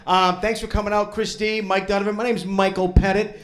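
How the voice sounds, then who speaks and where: A man's voice: high voice, fairly quick. A man from New England doing a stand-up comedy set on a club stage, riffing with the audience. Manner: animated, jokey, riffing with the crowd.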